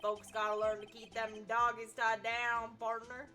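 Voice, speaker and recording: A swaggering cowboy lawman with a slow, folksy drawl, put on by a woman reading game lines. The voice sits high and bright for such a rugged figure, with faint music underneath. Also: level tone. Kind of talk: reading game dialogue aloud.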